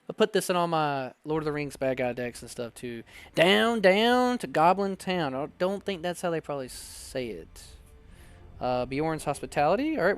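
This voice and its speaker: An excitable man chats through a card-opening video, his high voice swinging up and down a lot. He sounds smooth and resonant, close and dry. Faint music plays underneath. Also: no room sound. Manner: chatty and excitable, reads card text aloud. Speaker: card-opening channel host. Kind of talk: casual unboxing chat.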